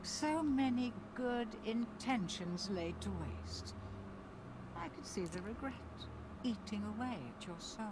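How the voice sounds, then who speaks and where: A seductive villainess from a horror game, speaking slowly and menacingly with an English accent. Her pitch swoops and dips a lot, and a clear hiss of noise sits under her lines. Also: expressive. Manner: slow, menacing, drawn-out delivery. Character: sinister seductive female game villain who judges souls.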